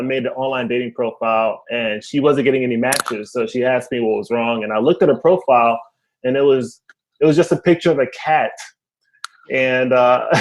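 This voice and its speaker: A young man doing a stand-up comedy set over a video call, telling animated stories and laughing at his own jokes. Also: mid-range voice. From family from Haiti.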